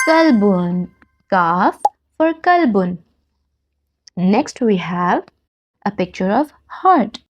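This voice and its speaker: Woman teaching kids arabic letters, super slow and patient, voice bouncing up and down a lot. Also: medium pitch, a little mellow. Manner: patient, repeats words for learners. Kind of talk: slow children's alphabet lesson.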